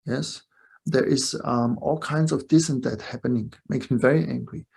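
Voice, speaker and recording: A man's voice: medium pitch, moderate pace, vocal fry, darkish tone, slightly rough. An older man giving a spiritual webinar talk, reflective, often ending points with short questions to listeners. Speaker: spiritual teacher. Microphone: video call mic.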